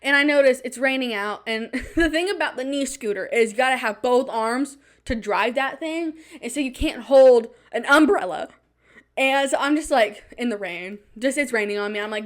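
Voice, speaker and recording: A young woman hosting a podcast, telling a self-mocking story in a casual, animated way with quick asides. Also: sits high. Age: young adult. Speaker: podcast host.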